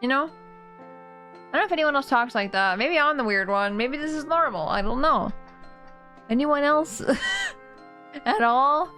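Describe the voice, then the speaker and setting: A woman's voice: high-pitched, lively intonation, a little slow, long pauses, bright, forceful tone, soft background music. A woman streamer chatting casually while she plays a game, rambling and laughing often.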